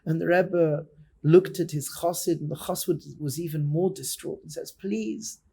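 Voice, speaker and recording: A man, a rabbi, telling a story in a sermon, dramatic and swinging between loud and hushed passages. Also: a little high, fairly even intonation, normal speed, vocal fry, husky.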